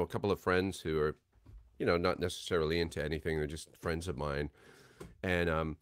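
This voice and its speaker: A man's voice: deep voice, clear, resonant tone, no echo, clean studio sound. A man hosting a signing livestream, talking in a rambling, chatty, self-deprecating way at a desk microphone. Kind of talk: casual livestream chat.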